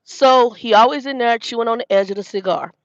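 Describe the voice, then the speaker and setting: Woman vlogger, gravelly voice, dry dull self-filmed sound, rambling and cussing. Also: fairly high pitch, brisk, no echo. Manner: rambling, profane, many restarts. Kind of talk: casual storytime monologue. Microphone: self-filmed camera.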